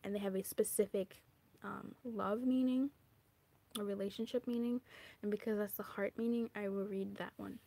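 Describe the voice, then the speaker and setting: A woman giving a casual, animated spoken card reading. She talks in a chatty way with swearing, drops into whispers, and acts out little asides. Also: mid-range voice, moderate pace, creaky. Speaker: tarot reader.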